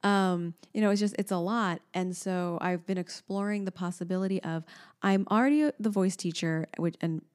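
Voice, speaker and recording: A woman's voice: medium pitch, normal speed. A woman in her thirties, a voice teacher, co-hosting a casual chat, telling stories with animation and acting out her toddler's voice. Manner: animated storyteller, acts out her daughter's voice. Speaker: podcast co-host.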